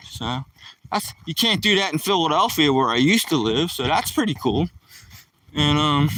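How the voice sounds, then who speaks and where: A man rambles casually to his live-stream viewers as he walks outdoors on a country dirt road. His voice sits at a middling pitch and sounds dry, with the phone mic held a little away from him. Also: sharp tone, no room sound, recorded from a distance, low-quality recording. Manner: chatty, loose, talks to viewers in the chat. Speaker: vlogger live streaming a dog walk.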